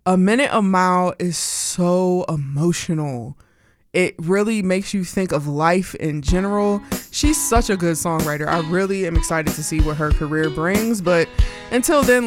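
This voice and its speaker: A woman from Pennsylvania hosting a radio music show, chatty and bubbly, her pitch and pace jumping around as she talks. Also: moderate pace. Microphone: studio mic. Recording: dry studio sound.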